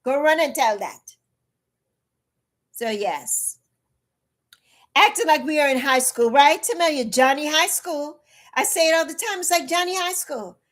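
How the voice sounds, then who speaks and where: A woman's voice: high-pitched, normal speed, fairly bright tone. A woman in her early sixties chatting bluntly on a livestream, repeating herself for emphasis and answering her chat. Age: 60s. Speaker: livestream host.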